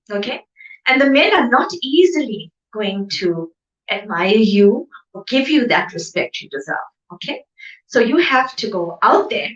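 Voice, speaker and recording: A woman's voice: fairly high pitch, fairly bright tone. A woman giving an emphatic motivational seminar talk, often asking "okay?" to check the audience is with her. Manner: emphatic, repeats okay for agreement. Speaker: business seminar speaker. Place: seminar venue. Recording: echoey room, distant mic, dull sound.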